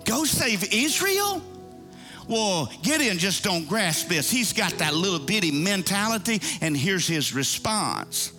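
Man, pastor, sermon, folksy, exhorting, sharp forceful tone. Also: sits high, animated, a little slow, few pauses, faint music behind. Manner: folksy, exhorting, talks straight to the congregation. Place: church.

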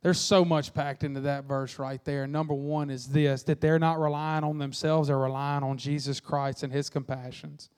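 A man preaches to his congregation in a folksy, animated way. His voice sits a little high for a man. It rings with the long reverb of a church sanctuary. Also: normal speed, few pauses, clear, resonant tone. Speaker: pastor. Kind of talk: sermon.

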